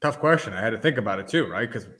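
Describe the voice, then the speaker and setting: A man co-hosting a casual sports and trading-card chat, explaining his points eagerly and in an animated way. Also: medium pitch, rapid-fire. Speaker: co-host.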